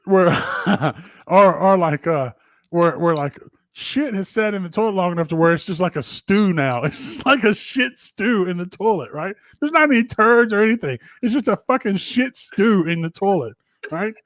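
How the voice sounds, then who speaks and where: A middle-aged man co-hosts a casual podcast from home, telling stories with lots of swearing and animated energy. His voice sits a little high. The sound is dry and close. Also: moderate pace, dry recording. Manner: profane, animated storyteller. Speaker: podcast co-host. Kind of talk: casual chat. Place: home office.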